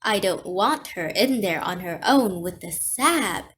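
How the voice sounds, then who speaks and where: A woman's voice: mid-range voice, lively intonation, a little slow, a bit bright, slight background noise, rough recording. A woman voicing a grumpy older man who mutters curt, defensive replies. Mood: gruff.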